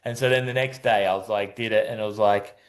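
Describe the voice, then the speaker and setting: A man's voice: fairly low pitch, steady tone, quick pace. Man telling a story casually. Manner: rambling, many restarts and acted-out quotes. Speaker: guest, adaptive surfer.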